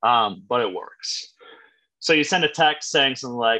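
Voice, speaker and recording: A male real estate coach with a bright, forceful voice that cuts through. He talks bluntly and emphatically and swears freely to drive each point home. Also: mid-range voice, expressive, moderate pace, rough recording. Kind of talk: live coaching talk.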